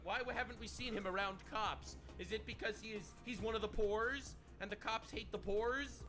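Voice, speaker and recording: A man's voice: high voice, fairly even intonation, normal speed, music in the background. A man hosting a stream, giving mocking, sarcastic reaction commentary. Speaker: stream host.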